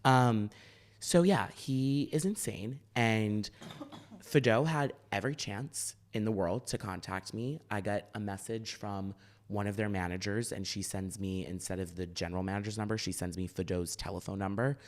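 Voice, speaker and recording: A young man, co-hosting a podcast and telling stories in casual chat, acting out the people he quotes. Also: moderate pace. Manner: animated, acts out quotes with big shifts in pitch. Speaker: podcast co-host.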